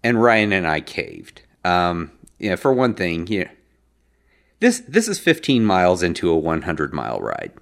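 A man's voice: deep voice, wildly swooping pitch, normal speed, gravelly, fairly bright tone. A man co-hosting a podcast, chatting casually and telling a rambling story with laughs. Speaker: podcast co-host.

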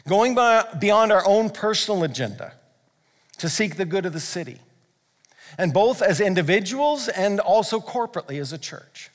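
A male pastor preaching a sermon, earnest and building to fervent emphasis. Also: sits high. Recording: long hall reverb.

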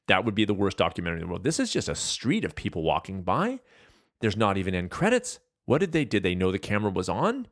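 A man in his forties from California, hosting a podcast and talking in a casual, animated, self-mocking rant. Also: fairly low pitch, no echo, clean studio sound. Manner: animated, ranting, self-deprecating. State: out of breath. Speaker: podcast host. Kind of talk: casual monologue.

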